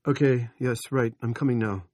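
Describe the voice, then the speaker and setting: A man voicing an urgent small-town doctor who gives brisk, commanding orders. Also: mid-range voice, fairly even intonation, a little mellow, dry recording, studio quality, pitched above the performer's own voice, natural voice.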